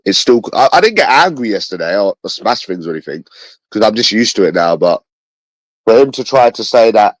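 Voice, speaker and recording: A man's voice: fairly low pitch, sing-song, brisk, no room sound, rough recording. A man with a London accent, talking to his viewers in a rambling livestream monologue. He sounds bitter, repeats himself and swears often.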